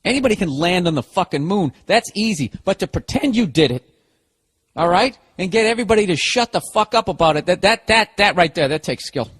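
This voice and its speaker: This man's voice sits high and has a breathy edge, animated and a little fast. Hosting a podcast by himself, he launches into a sarcastic, exasperated comic rant full of swearing.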